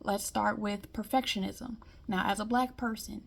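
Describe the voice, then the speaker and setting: A woman's voice: medium pitch, fairly even intonation, normal speed, creaky. A woman from Detroit giving a blunt, emphatic monologue in casual vlog style. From Detroit, US Midwest. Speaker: vlogger.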